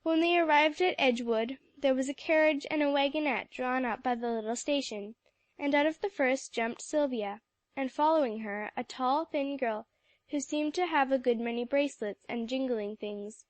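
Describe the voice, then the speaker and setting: Woman reading an audiobook, high-ish voice, dead dry mic. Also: moderate pace, dry recording. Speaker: audiobook narrator. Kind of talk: scripted narration.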